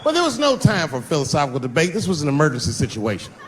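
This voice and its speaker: A middle-aged stand-up comedian on a theater stage tells stories before a laughing audience, animatedly acting out the voices of the other people in them. His voice is on the high side and racing, with a little hiss or hum in the audio.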